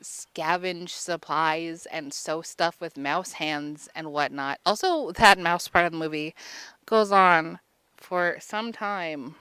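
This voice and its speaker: Woman vlogger, crude rambling comic recap, bright and clear. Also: on the low side, slow, dry recording. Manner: crude, rambling, lots of fillers. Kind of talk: casual comedic movie recap.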